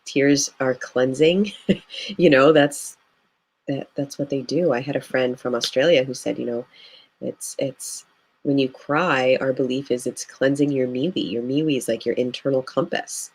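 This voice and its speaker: A woman's voice: extremely low pitch, fairly even intonation, normal speed, darkish tone, slightly rough. Earnest woman grief guide, reflective. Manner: earnest and reflective, with many "you know" fillers. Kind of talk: live video interview.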